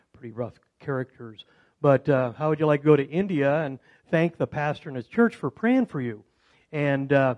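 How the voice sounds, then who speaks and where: Halting middle-aged man telling a testimony. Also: mid-range voice. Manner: rambling and halting, with many fillers and restarts; animated when retelling exciting moments. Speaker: insurance man giving a testimony. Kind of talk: personal testimony talk.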